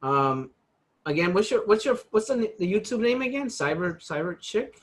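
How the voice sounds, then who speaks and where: A man from New York hosting a casual interview, telling lively work stories, acting out his coworkers' lines and laughing often. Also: high voice, normal speed. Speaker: host.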